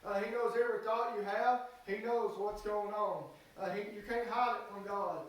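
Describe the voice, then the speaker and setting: A man preaching a sermon in a church, halting with frequent "uh"s and folksy phrasing. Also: high-pitched, fairly even intonation. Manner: halting, fills pauses with "uh"; folksy Southern speech. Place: church sanctuary. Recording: echoey church from far off.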